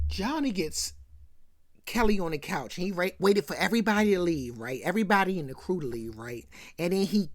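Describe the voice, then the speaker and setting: A woman's voice: medium pitch, no room sound, studio quality. A woman hosting a casual recap rant, slangy and constantly checking in with the listener. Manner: slangy, keeps checking in with "right?". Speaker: show host.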